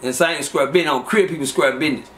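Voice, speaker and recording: A man tells street stories in a high, bright voice. He talks casually and acts out the people he quotes with loud, lively voices. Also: very fast. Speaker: storyteller. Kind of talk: casual storytelling.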